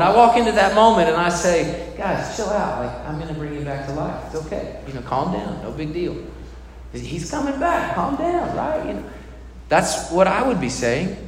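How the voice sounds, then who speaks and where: A pastor preaching a sermon in a conversational way, putting questions to the congregation. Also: male voice, on the high side, slight background noise. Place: church hall. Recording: echoey hall with long reverb.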